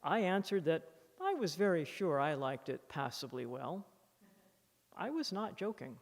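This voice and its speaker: A woman author giving a public lecture, reading from her book with expressive, animated emphasis at a podium microphone. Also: low-pitched, unhurried. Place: lecture hall in a library museum. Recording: long reverb of a lecture hall.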